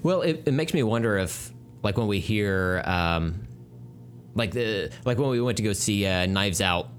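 A man's voice: lowish voice, animated, measured pace, a little hiss or hum. A man from Oklahoma co-hosting a podcast, joking and rambling in casual chat.

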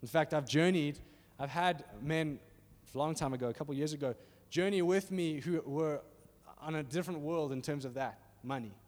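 A man preaching a sermon in a church hall in an animated, conversational way, often asking "are you with me?". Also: a little high, normal speed, few pauses. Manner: animated and conversational, acting out little voices, asks "are you with me?". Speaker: pastor. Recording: reverberant hall.

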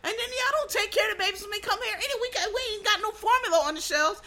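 A woman ranting in a blunt, heated comedic style, swearing constantly and swinging between loud outbursts and low muttering. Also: rapid-fire. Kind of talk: profane comedic rant.

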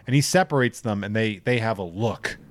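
A man co-hosting a podcast, casually recapping a movie with profanity and quick impressions of the characters. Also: lowish voice, no echo, clean studio sound. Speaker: podcast co-host.

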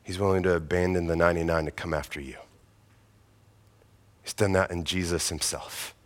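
A man's voice: low-pitched, fairly even intonation, moderate pace, in a large hall. A man preaching a sermon as pastor, earnest and emphatic.

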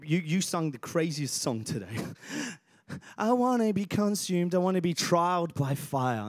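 A man in his thirties preaches a sermon in a fairly high voice. He moves between quiet, low moments and loud, emphatic calls, asking the congregation to repeat words back to him. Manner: call-and-response preaching, swings from quiet to loud. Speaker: pastor.

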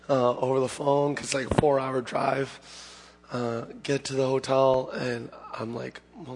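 A hoarse male pastor gives a casual, plain-spoken sermon at a middle pitch, often restarting and correcting himself mid-sentence. His voice rings with a long reverb that fills a church sanctuary. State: hoarse, recovering from lost voice. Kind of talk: conversational sermon.

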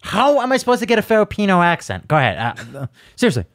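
A man's voice: high-pitched, wildly swooping pitch, quick pace, fairly bright tone, dry recording, studio quality. Blunt, joking male podcast co-host. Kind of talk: casual chat.

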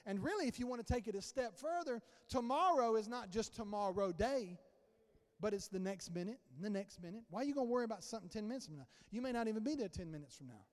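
A man preaching with a strikingly high voice, talking to his congregation like friends and acting out everyday conversations. His words ring out with a long reverb through a church sanctuary. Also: lively intonation, quick pace. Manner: conversational preaching, acts out dialogue. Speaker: pastor. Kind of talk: sermon.

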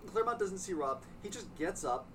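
A man hosting a podcast, telling a relaxed anecdote in casual chat. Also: high voice, fairly quick. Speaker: podcast host. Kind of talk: casual storytelling. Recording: distant mic with crowd noise.

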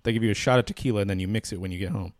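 A man co-hosting a casual podcast, easygoing but fond of making his case in a mock-formal way. His voice sits low. It is recorded dry and up close. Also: very fast, dry recording. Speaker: podcast co-host. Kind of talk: casual chat.

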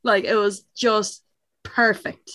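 A woman's voice: medium pitch, slow pace, no echo. Giggly woman in casual podcast chat. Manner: excited, giggly, rambling with fillers. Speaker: podcast co-host.

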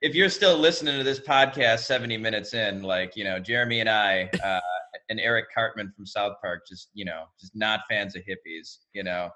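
Male podcast host, crisp bright tone, jokey and teasing in casual chat. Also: fairly low pitch, normal speed. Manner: playful, teasing.

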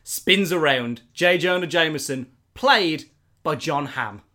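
A man's voice: on the high side, animated, takes it slowly, sharp tone. A man, casually and animatedly retelling a film plot, rambling with lots of fillers.

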